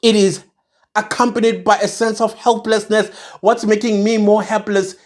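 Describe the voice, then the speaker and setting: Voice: mid-range voice, level tone, normal speed. Angry South African vlogger, emphatic rant to camera, repeats key phrases. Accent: South African, mixing isiZulu. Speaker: online commentator. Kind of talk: impassioned rant to viewers.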